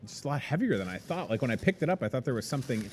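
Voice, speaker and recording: A man's voice: medium pitch, big pitch swings, rapid-fire, a little mellow, a little hiss or hum. A young man with a Midwestern American accent hosting a casual store promo, chatty and upbeat with joking sales patter. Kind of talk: casual live promo talk.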